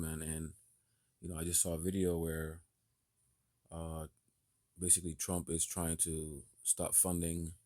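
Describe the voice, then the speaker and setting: A man teaching a religious lesson, greeting his congregation and commenting in a measured way. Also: low voice, mellow. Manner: measured, with "you know" and "right?" fillers. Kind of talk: sermon-like commentary.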